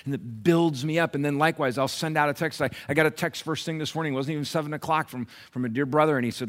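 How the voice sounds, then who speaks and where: A male pastor preaching a sermon in a church, earnest and personal, moving between raised emphasis and hushed, near-whispered passages. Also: mid-range voice, quick pace, hardly any pauses. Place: church sanctuary.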